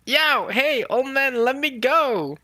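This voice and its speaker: A man voicing a young man who yelps and whines in pain with high, strained cries. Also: expressive, slow pace, pushed and bright, dry recording, clean studio sound, heavily acted. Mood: pained yelping.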